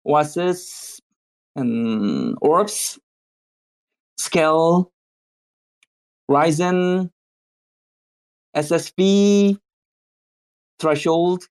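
A man speaking halting non-native English as a guest in an online chat, with many restarts and fillers. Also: on the high side, clear, resonant tone. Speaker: guest developer. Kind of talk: casual audio chat interview. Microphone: online audio chat room.

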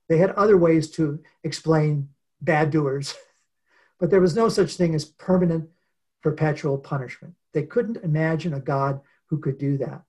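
A man being interviewed as a guest author, telling a story in an earnest, unhurried way with many pauses. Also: fairly high pitch, darkish tone. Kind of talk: reflective storytelling in conversation.

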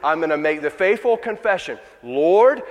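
Brief: insistent pleading woman voiced by a preacher, raised pitch, reverberant church. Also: lively intonation, moderate pace, natural voice. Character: desperate, determined foreign woman pleading.

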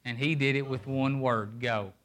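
A man's voice: fairly high pitch, lively intonation, normal speed, fairly bright tone. A man preaching a sermon on a microphone, emphatic and pulling listeners in with questions. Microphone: handheld microphone.

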